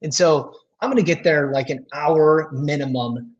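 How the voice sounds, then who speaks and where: A man's voice: fairly high pitch, normal speed, muffled recording. A man talking casually as a podcast guest, rambling with lots of fillers and restarts.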